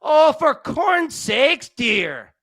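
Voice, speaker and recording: A man putting on the voice of a fussy, folksy middle-aged cartoon mom with a drawn-out sing-song scold. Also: very high voice, very animated, fairly bright tone, no room sound, clean studio sound, pitched above the performer's own voice, exaggerated voice. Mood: fussing.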